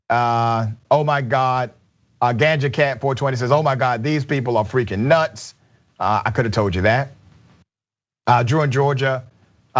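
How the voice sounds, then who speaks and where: A man hosting a live online talk show, reading viewer comments with energetic, emphatic, repetitive delivery. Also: fairly high pitch, dull audio. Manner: energetic, emphatic, repeats himself. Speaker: show host.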